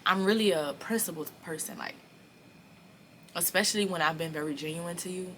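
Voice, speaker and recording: A woman in her early twenties telling a personal story in a casual, animated and profane way, acting out the dialogue. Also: on the low side, moderate pace, slight background noise. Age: early 20s. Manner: animated, blunt and profane, acts out quoted dialogue. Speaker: storyteller vlogger.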